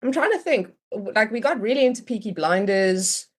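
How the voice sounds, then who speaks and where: A woman's voice: mid-range voice, lively intonation, brisk. A young adult woman chatting as a podcast guest, rambling and laughing often. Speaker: podcast guest, fanfic author. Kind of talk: casual chat.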